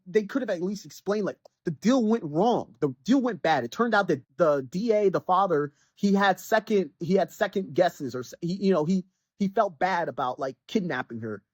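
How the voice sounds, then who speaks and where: A podcast host rants through a casual game critique, and the voice swings up and down in pitch. The delivery is loose and rambling, full of restarts and "like" fillers. The sound is dry and close, with no room around it. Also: a little mellow, no echo. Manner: rambling, heavy use of "like", frequent restarts. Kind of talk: casual game review rant.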